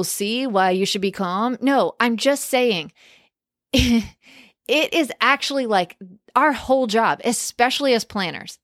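A woman's voice: fairly high pitch, a bit bright, no echo, studio quality. Chatty woman wedding planner podcasting. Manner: chatty, emphatic, lots of "like" and quoted asides. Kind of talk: casual podcast monologue.

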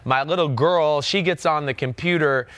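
A man's voice: a little high, moderate pace, a bit bright, no echo. A middle-aged man from New Jersey hosting a casual sports talk show, easygoing and chatty. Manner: easygoing, chatty, laughs at himself. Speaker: podcast host.

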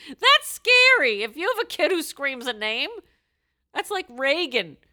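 A woman co-hosting a chatty podcast, animated and laughing, who breaks into loud shouted voices. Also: sits high, a little slow, no echo, studio quality. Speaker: podcast co-host. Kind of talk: casual chat.

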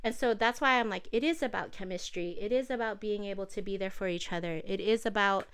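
Smooth-voiced earnest woman. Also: medium pitch, fairly quick, a bit bright. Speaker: guest, former NICU mom. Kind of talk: casual chat.

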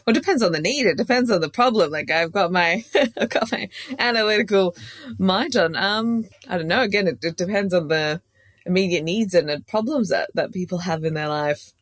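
A woman's voice: fairly low pitch, brisk, no room sound. A woman from Australia, a safety consultant and coach, talking frankly as a podcast guest and laughing easily. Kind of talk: casual interview chat.

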